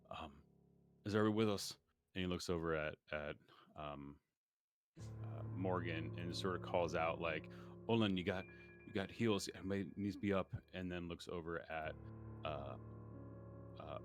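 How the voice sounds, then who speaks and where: A man playing a tabletop game, describing his character's actions in a halting way, full of fillers. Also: a bass voice. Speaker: player.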